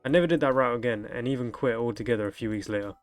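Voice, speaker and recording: With a medium-pitched voice that races along, a young man reads internet stories about delivery drivers and breaks in with crude comedic remarks. There is no echo, just faint music in the background.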